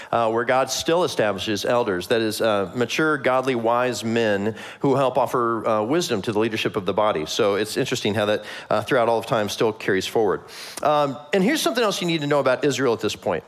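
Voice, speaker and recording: Animated man preaching a casual sermon. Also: medium pitch. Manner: conversational, acts out quoted voices with humor. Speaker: pastor.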